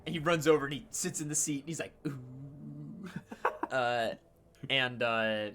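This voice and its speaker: A man narrating as dungeon master in a casual, halting way, with many fillers. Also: medium pitch, a bit bright. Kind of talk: narrating a tabletop game.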